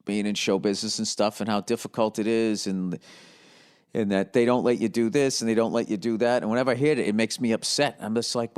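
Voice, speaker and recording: A man's voice: fairly low pitch, steady tone, fairly quick, clear, resonant tone. Profane, rambling male podcast host. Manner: profane, rambling, slips into mocking voices. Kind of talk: rambling solo podcast monologue.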